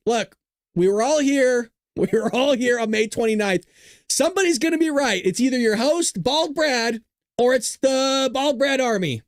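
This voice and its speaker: A man's voice: very high voice, very animated, normal speed, dry recording, clean studio sound. A man hosting a live political commentary stream, talking casually to his chat, jokey and profane. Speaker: livestream political commentary host.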